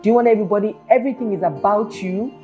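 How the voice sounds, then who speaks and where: A woman's voice: mid-range voice, racing, muffled recording, soft background music. A woman hosting a self-help talk show, earnestly asking her listeners one rhetorical question after another. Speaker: podcast host.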